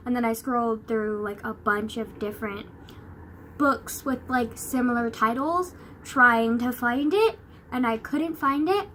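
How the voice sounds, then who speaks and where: High bright-voiced young woman vlogger. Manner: rambling, filler-heavy, swears a lot. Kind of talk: casual chat.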